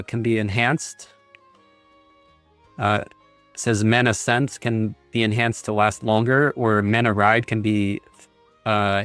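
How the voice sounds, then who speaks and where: A man's voice: lowish voice, a bit bright, no room sound. Casual male game streamer, dry sound. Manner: rambling, reads text aloud with many fillers. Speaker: gaming streamer. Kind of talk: casual livestream commentary. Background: faint game music.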